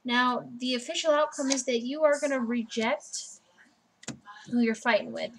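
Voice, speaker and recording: A woman's voice: high voice, moderate pace, crowd noise, low-quality recording. A woman giving a personal tarot reading in a casual, blunt way, swearing freely as she goes through the cards. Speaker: tarot reader.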